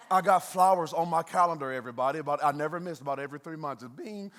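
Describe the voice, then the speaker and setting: A man preaching a sermon as a pastor, in a lively, conversational way, with playful asides to the congregation. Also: fairly high pitch, quick pace. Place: church auditorium. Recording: long hall reverb.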